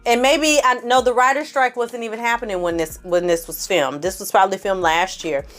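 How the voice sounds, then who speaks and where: Sassy woman doing a chatty reality tv recap, mid pitch, bit of music behind. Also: fairly quick. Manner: sassy and animated, acting out quotes, slangy asides.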